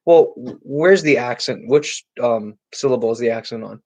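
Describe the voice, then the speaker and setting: A man answering viewer questions on a casual live stream, chatty and halting, with many restarts and repeated words. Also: medium pitch, steady tone, a little mellow, low-quality recording. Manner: chatty, talks directly to chat viewers.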